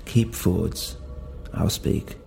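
A man's voice: takes it slowly, darkish tone, soft background music, lightly acted. A man voicing a stern young woman who talks in curt, broken English. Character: cold stern young German woman with a gun.

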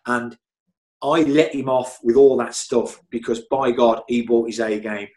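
A former footballer and physio telling stories in an animated, chatty way, repeating himself and laughing often. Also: male voice, mid-range voice, a little slow. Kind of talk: casual storytelling interview.

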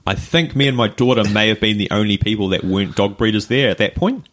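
A man's voice: lowish voice, expressive, fast, fairly bright tone. Chatty New Zealand man telling stories. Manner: rambling anecdotes with fillers and laughs. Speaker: podcast co-host. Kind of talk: casual chat, storytelling.

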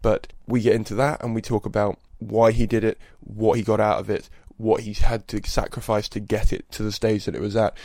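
A man's voice: lowish voice, little pitch movement, fairly quick, few pauses, darkish tone, no echo. A man hosting a podcast, giving a chatty, earnest spoken introduction. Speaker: podcast host.

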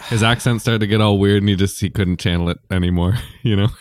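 Laid-back low-voiced man improvising. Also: fairly even intonation, fast, no room sound, studio quality. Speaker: podcast co-host. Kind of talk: comedic improv.

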